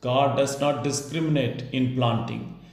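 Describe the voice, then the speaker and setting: A priest delivering a sermon in a measured, emphatic preaching manner, recorded in a church. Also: male voice, medium pitch, fairly even intonation, darkish tone, very echoey, low-quality recording.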